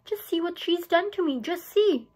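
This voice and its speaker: A woman's voice: very high-pitched, animated, moderate pace, darkish tone, voice pushed up. A woman voicing a dramatic, fussy young girl in a storybook reading, whiny and theatrical. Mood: upset.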